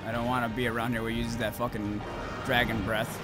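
A man giving profane, excitable commentary while playing a video game, yelling at the monsters. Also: medium pitch, fast. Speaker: let's play gamer. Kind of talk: gameplay commentary. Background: game music.

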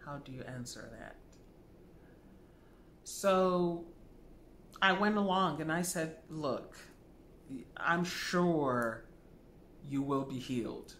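A man's voice: medium pitch, unhurried, fairly bright tone, slight background noise. Man telling a story in an echoey room. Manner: conversational, many fillers and asides, acts out quoted voices. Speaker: dream interpretation teacher. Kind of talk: storytelling lesson to camera.

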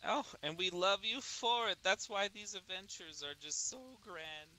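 A man role-playing in a game chat, theatrical, swinging between loud excitement and hushed solemn tones. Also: high voice, normal speed. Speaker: roleplaying torchbearer character. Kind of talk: improvised game role-play.

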